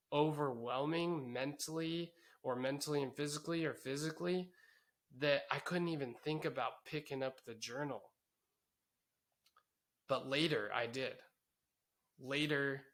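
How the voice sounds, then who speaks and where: A man's voice: medium pitch, a bit bright. A man co-hosting a podcast, speaking candidly and reflectively in casual chat, with some swearing. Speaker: podcast co-host.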